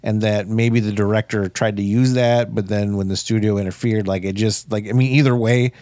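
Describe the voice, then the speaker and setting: A man's voice: lowish voice, fairly even intonation, brisk, darkish tone, no echo. Profane rambling man, dry close sound. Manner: rambling, profane, restarts often. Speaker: podcast co-host. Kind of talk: casual movie review chat.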